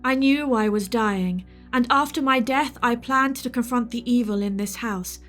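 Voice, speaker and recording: A woman's voice: on the high side, normal speed, fairly bright tone, soft background music, close to an everyday voice. A woman voicing the ghost of a refined, formal woman in an old nightgown, speaking with an English accent and pleading for help.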